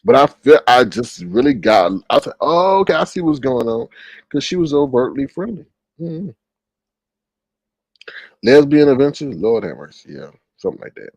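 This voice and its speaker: A man's voice: mid-range voice, big pitch swings, moderate pace, darkish tone, no room sound. A man telling a story in casual commentary, gossipy, with dramatic exclamations. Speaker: commentary vlogger.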